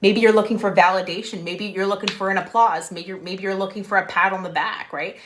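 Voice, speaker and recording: A young adult woman, a business coach on a live stream from a room at home, energetic and often asking "right?". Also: medium pitch, fairly quick, a little hiss or hum. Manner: energetic, repeats "right?", laughs.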